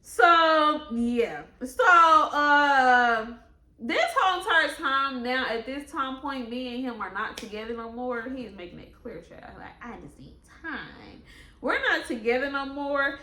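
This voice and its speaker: A young woman speaking tells a storytime, animated and profane, breaking into sudden high squeals. Her voice is bright and sharp, and it sits a little high for a woman. The room gives it a noticeable echo. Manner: quotes others in a slower voice. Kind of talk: storytime vlog. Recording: echoey room.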